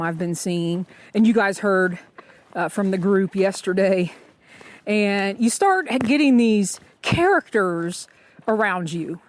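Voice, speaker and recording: Chatty woman vlogging from a trail. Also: medium pitch. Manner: chatty, rambling with fillers. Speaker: vlogger, section hiker. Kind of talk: casual trail vlog. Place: outdoors on a forest trail.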